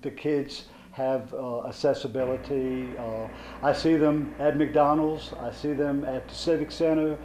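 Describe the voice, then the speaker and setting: A man's voice: medium pitch, steady tone, a little mellow, a little hiss or hum. A man, a local community member, speaking hesitantly in a documentary interview. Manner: hesitant, halting. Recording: roomy, muffled recording.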